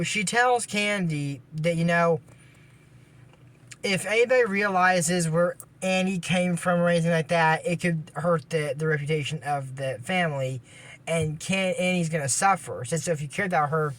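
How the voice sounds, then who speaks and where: A man's voice: on the high side, fairly bright tone. A man casually recapping a cartoon episode, rambling with lots of fillers and restarts and dropping sarcastic asides. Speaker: anime episode reviewer.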